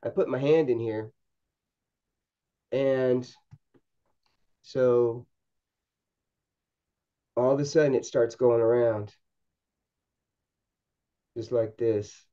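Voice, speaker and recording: A man telling a story as a podcast guest, in a halting way with many repeated words and restarts. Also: medium pitch, steady tone, muffled recording. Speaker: podcast guest, paranormal investigator. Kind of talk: storytelling anecdote in a podcast interview.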